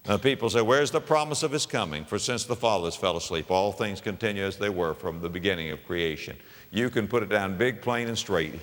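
A man preaching a sermon, swinging from hushed, low repetitions to loud, soaring proclamations. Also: a little fast, big-room sound. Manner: dramatic swings from hushed to shouting, repeats phrases.

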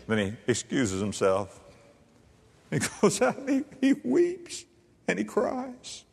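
A man preaching a sermon and reading scripture, swinging between loud high emphasis and low, quiet, drawn-out words. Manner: reads scripture aloud, drawn-out stressed words. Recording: long hall reverb.

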